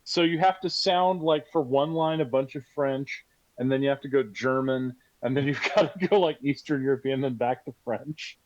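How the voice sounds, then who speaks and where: A man's voice: medium pitch, normal speed, lo-fi sound. A man acting as game master in an online tabletop game, chatty and encouraging. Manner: chatty, encouraging, lively intonation. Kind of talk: narrating a tabletop game over voice chat.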